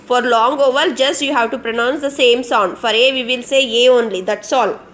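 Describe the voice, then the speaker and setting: A woman with an Indian English accent teaches phonics online to young children, patiently spelling words out by letter and repeating them. She is a kindergarten teacher, and her fairly high, slightly bright voice moves at a normal pace.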